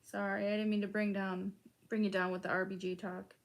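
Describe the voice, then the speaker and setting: A woman's voice: medium pitch, flat delivery, brisk. Chatty young woman from Chicago. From Chicago, United States. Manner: chatty, lots of "like", casual swearing. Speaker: streamer reading chat. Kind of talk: casual chat.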